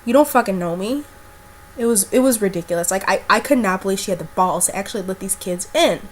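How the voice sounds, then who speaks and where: A woman's voice: mid-range voice, fast, a little hiss or hum. A young woman vlogger telling a personal story in a casual, blunt way, with lots of fillers and swearing.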